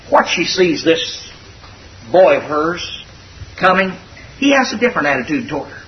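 A man's voice: fairly high pitch, sing-song, normal speed, pauses often, a little hiss or hum. A man preaching a sermon in a folksy, conversational and earnest way. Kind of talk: expository sermon. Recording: dull distant recording.

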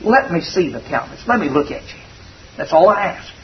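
A tender young country boy coaxes his sweetheart to come away with him, earnest and a little halting, as a preacher puts him on. The voice sits lower than the preacher's own high voice, on a dull recording heard from some way off. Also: very animated, far from the mic, a little hiss or hum. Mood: adoring.

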